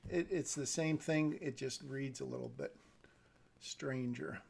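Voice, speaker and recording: A man's voice: mid-range voice, unhurried, vocal fry, a little mellow, breathy edge. A man reading a screenplay on a live stream and thinking aloud about it, often hedging and correcting himself. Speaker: script reader giving feedback.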